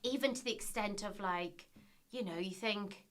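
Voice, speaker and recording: A woman in a casual interview, telling her stories with animated delivery and acting out what people said. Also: medium pitch, moderate pace, slight background noise. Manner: animated storyteller, acts out quotes. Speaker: guest, former reality TV business contestant.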